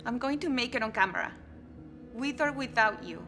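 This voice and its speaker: An actress with a Colombian Spanish accent playing a hesitant, pleading employee in a scripted drama. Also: female voice, on the high side, animated, fairly quick, over music. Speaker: on-camera employee.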